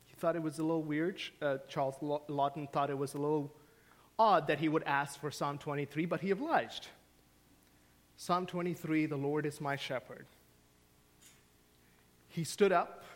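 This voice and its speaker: A man preaching a sermon as pastor, telling stories and swinging from hushed, quiet lines to emphatic questions. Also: a little high, fairly even intonation, normal speed. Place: church sanctuary.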